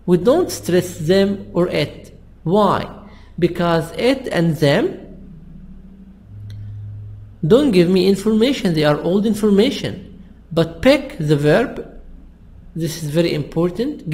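A man teaching an English lesson in a slow, repetitive, explaining manner. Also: high-pitched, a little mellow. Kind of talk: classroom language lesson.

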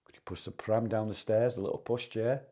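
A man's voice: lowish voice, steady tone, fairly quick, warm tone. A man investigating a house at night, coaxingly calling out to spirits and asking for knocks. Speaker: paranormal investigator. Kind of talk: calling out during a ghost hunt.

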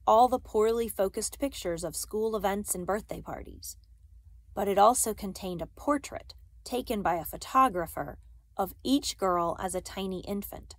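A woman reading a novel aloud, careful and steady, with occasional small slips she corrects. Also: mid-range voice, no room sound. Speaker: reader.

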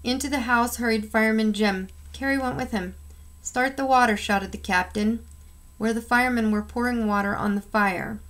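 A woman's voice: fairly high pitch, fairly even intonation, normal speed, fairly bright tone. A woman reading a children's picture book aloud, acting out the sound effects with expression. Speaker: storyteller.

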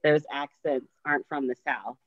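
A woman's voice: low-pitched, steady tone, moderate pace. A woman hosting a book club interview over a video call, reading out viewer questions. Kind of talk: casual interview chat. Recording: dull lo-fi sound.

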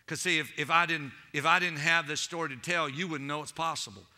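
Pastor, male, high sharp voice, lively storytelling sermon delivery. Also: brisk. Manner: animated preaching, storytelling, addresses the congregation as saints.

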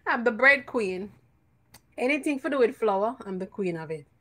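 A woman's voice: fairly high pitch, animated, normal speed, pushed and bright. Jamaican woman hosting a live home cooking stream; playful, giggly, cracks jokes. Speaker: cooking show host. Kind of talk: casual live cooking chat. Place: home kitchen.

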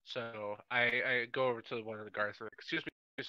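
A man's voice: mid-range voice, flat delivery, quick pace, clear, resonant tone, dry recording, highs cut off. A man playing a tabletop game, chatting casually and joking with the table. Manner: joking and playful. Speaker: player.

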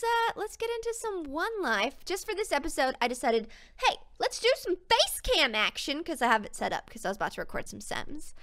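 Young woman, gaming YouTuber. Bright, bubbly, lively delivery with easy tangents. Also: sits high, clear, resonant tone. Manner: bubbly, chatty, easily distracted. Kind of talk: casual let's-play chat.

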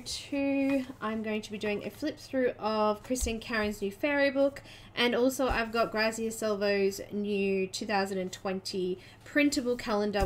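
A woman hosting a casual live chat, a little out of breath, chatty and quick to laugh as she greets viewers by name. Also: a little high, a little hiss or hum. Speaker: live stream host.

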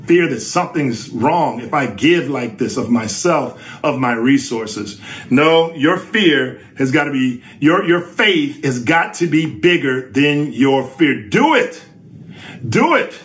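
A middle-aged man preaching a sermon, emphatic and lively, with sudden rises for stress. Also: mid-range voice, slow pace.

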